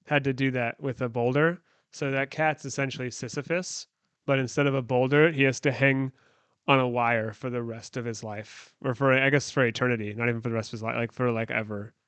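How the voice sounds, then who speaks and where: A man of middle pitch talks loosely into a handheld mic, wandering through jokes and half-finished thoughts. The sound is close and dry with no room echo. He speaks like a casual live-stream co-host. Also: fairly bright tone, clear, resonant tone. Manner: rambling, jokey, trailing off mid-sentence. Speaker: stream co-host getting a haircut. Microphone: handheld microphone.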